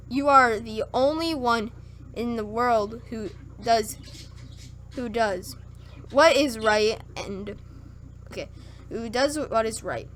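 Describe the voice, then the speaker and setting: A woman's voice: a little high, a bit bright, slight background noise. A woman streamer reading scripture aloud on a livestream, stumbling and correcting herself and breaking off for wry, skeptical asides. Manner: halting reading with slips and self-corrections.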